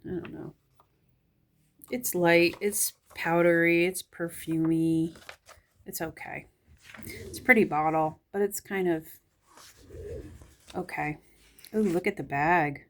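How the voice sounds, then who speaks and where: A woman's voice: on the low side, fairly even intonation, slow pace, long pauses. A woman with a Southern US accent, casually flipping through a magazine and giving a musing commentary as she thinks aloud. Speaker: magazine reviewer.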